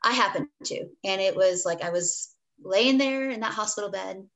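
A woman's voice: mid-range voice, normal speed, a bit bright, rough recording. A woman guest, a dietitian, telling a candid personal story in an interview, earnest and full of restarts and asides. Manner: briefly acts out her past self in quoted speech.

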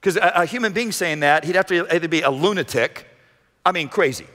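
A man preaching a sermon as pastor, dramatic, swinging between shouted lines and hushed low passages. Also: fairly quick. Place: church sanctuary. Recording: echoey church hall. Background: long hall reverb.

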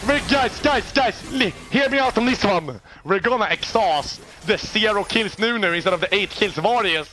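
Shouty high-voiced streamer man. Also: normal speed, faint music behind. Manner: loud, excitable, profane, often shouting at teammates. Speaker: game streamer. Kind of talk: live gameplay streaming commentary.

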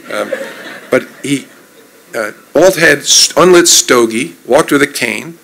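Guest speaker, man in his 50s, gravelly voice, easygoing anecdotes with dry self-mockery. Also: medium pitch, a little hiss or hum, rough recording. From New Jersey. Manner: relaxed, anecdotal, self-deprecating humor. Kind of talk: storytelling in an onstage conversation.

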